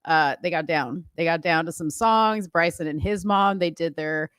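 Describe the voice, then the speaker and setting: A woman's voice: sits low, normal speed, fairly bright tone, clear, resonant tone, no echo, clean studio sound. A woman co-hosting a podcast, telling a story in a chatty, gushing way and saying "like" often. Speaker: podcast co-host. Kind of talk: casual chat.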